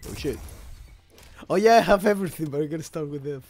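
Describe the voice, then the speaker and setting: A man streams a game live, chatting casually, swearing and reacting loudly to the action. His voice is on the high side, animated, and he talks fast.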